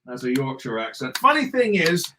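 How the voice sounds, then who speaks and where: A man's voice: mid-range voice, big pitch swings, moderate pace, bright, forceful tone, slight background noise. A British man co-hosting a casual late-night livestream, slightly tipsy and fond of joking around with silly accents. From England. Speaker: co-host.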